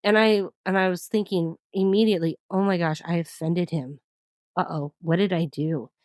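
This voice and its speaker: A woman guest telling a personal story in an interview, animated and often laughing as she talks. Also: on the low side, moderate pace, no room sound.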